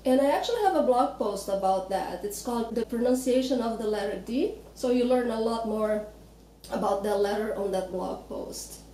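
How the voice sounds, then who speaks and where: A woman with a Brazilian accent explains pronunciation patiently, sounding out each word slowly. Her voice is slightly high and mellow. She sits back from the microphone in an echoey room with faint background hiss. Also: recorded from a distance. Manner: patient, demonstrates words slowly. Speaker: Portuguese teacher.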